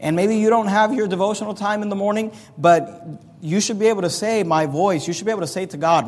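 A male pastor delivers a sermon in an earnest, plain-spoken teaching manner, often restarting his phrases. His voice sits slightly higher than most men's. The sound carries the long reverb of a large hall. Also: quick pace.

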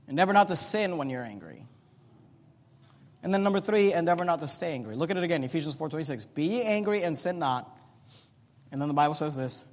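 A man preaching a sermon as pastor. He swings between loud, emphatic peaks and quiet, teaching passages. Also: a little high, in a large hall.

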